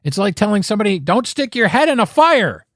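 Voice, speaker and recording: A man's voice: high-pitched, big pitch swings, brisk, a bit bright, dry recording, clean studio sound. A man hosting a political talk show, ranting with angry, sarcastic emphasis and frequent swearing.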